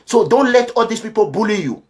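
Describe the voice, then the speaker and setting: A middle-aged man from Nigeria, speaking forcefully as a community advocate, urging and lecturing his listeners. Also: sits high, animated, a little fast. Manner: forceful, exhorting, repetitive, quotes others in voices. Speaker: community advocate addressing followers. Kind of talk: impassioned monologue.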